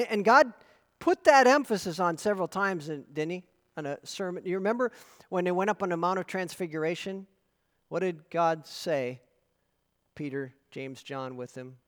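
Man preaching a sermon, earnest and emphatic, slightly high voice, long church hall echo. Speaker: pastor.

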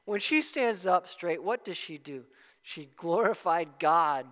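A male pastor preaching a sermon with a high, bright voice that rings in the long reverb of a large hall. He swings between hushed asides and loud, emphatic exclamations. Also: lively intonation, slow pace.

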